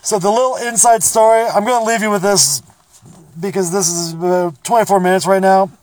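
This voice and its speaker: High-voiced, profane man, dry sound. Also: fairly even intonation, fairly quick, darkish tone, no room sound. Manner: profane, rambling, blunt. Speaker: podcast host. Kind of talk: casual storytelling monologue.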